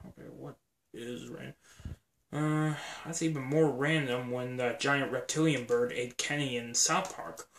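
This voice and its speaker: A man's voice: medium pitch, fairly even intonation, measured pace, gravelly, a bit bright, reverberant, a little hiss or hum. A man making a toy video, rambling in a casual aside and losing his train of thought.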